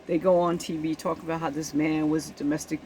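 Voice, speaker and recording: A woman's voice: deep voice, little pitch movement, fast talker, darkish tone, a little hiss or hum, poor audio. Indignant woman giving spoken commentary. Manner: indignant, emphatic, checks in with the listener. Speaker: commentator on the news.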